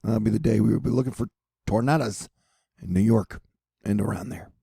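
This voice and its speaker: Gravelly, husky man joking through weather news. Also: fairly low pitch, brisk, warm tone, no echo, clean studio sound. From United States. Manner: joking, rambling, affectionate toward viewers. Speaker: weather vlogger. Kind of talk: casual weather update monologue.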